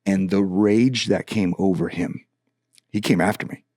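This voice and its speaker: A man's voice: low voice, a little slow, no room sound, clean studio sound. A middle-aged man, a worship leader, telling a story in a casual podcast conversation, acting out the dialogue as he goes. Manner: animated storyteller, acts out dialogue, frequent restarts.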